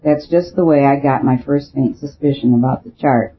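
A man voicing a calm, weary male priest detective, speaking in a quiet, measured, grave manner. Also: mid-range voice, slightly rough, close to an everyday voice. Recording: tinny phone-like audio.

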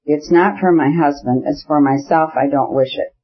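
A man reading the part of an agitated young aristocratic wife in an audiobook, with an earnest, hurried manner. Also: low-pitched, husky. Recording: dull lo-fi audiobook recording.

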